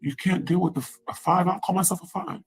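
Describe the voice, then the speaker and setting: A woman's voice: lowish voice, steady tone, fast talker, poor audio. A woman in a profane, rambling angry rant, taunting and repeating herself.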